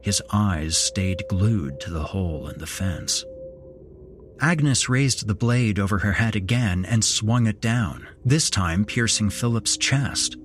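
Slow, low-voiced male horror narrator. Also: over music. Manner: slow, measured storytelling. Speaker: podcast host and narrator. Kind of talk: scripted horror story narration.

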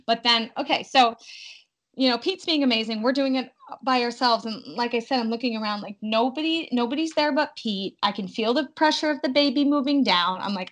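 A young adult woman telling her birth story in a casual, animated way, acting out her own cries in quotes. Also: fairly high pitch, a little fast, low-quality recording.

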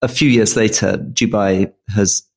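A middle-aged man co-hosting a political podcast, reasoning through ideas in a measured, analytical way. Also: on the low side, steady tone, a little mellow. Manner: measured, analytical, thinking aloud. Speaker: podcast co-host. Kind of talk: casual political chat.

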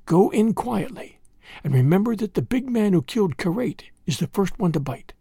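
A cold queen cobra who plots slowly and gives orders with calm command, as a man reading the story puts her on. The voice sits high with lively, gliding turns and a gravelly edge. It is a dry, close reading. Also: no room sound, exaggerated voice. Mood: scheming.

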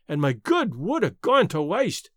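A man's voice: sits high, huge pitch swings, unhurried, fairly bright tone, no room sound, clean studio sound, exaggerated voice. A man reading a story voices a distraught man, wailing and pleading. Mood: moaning.

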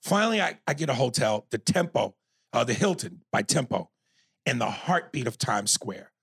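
A man from New York telling a long, profane story on a podcast, animated and acting out quotes. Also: mid-range voice, moderate pace, vocal fry, breathy edge, no room sound. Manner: animated, swears freely, acts out quotes. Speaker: podcast co-host.

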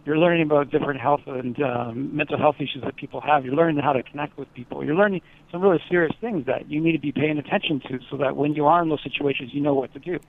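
A man's voice: on the high side, fast, few pauses, phone-quality sound. A male teacher talking earnestly in a casual interview, rambling with lots of fillers.

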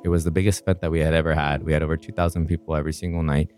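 A man earnestly recounting a personal story in an interview, reflective and quick-flowing. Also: very deep voice, flat delivery, darkish tone, soft background music.

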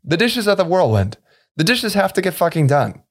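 A man co-hosting a podcast, rambling through his points with lots of restarts and animated emphasis. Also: sits high, moderate pace. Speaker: podcast co-host. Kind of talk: casual podcast chat.

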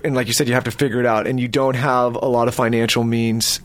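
A man's voice: mid-range voice, little pitch movement, fast. A man co-hosting a podcast, easygoing and joking as he leads into questions. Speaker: podcast host. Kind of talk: casual chat.

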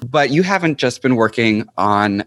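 A man's voice: medium pitch, animated, moderate pace, a bit bright. A man hosting a podcast, chatting playfully and effusively with guests and laughing easily. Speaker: podcast host. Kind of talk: casual interview chat.

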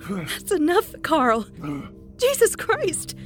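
A frightened wife and mother, as a male narrator puts her on, pleading in a strained, raised falsetto. The voice sits high above the narrator's own, with faint music under it. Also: flat delivery, normal speed, warm tone.

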